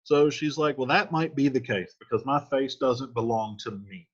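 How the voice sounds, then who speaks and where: Male teacher, casual line-by-line play explainer, husky voice, lo-fi sound. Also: medium pitch, fairly even intonation, moderate pace. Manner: reads old lines then paraphrases them in slangy modern speech.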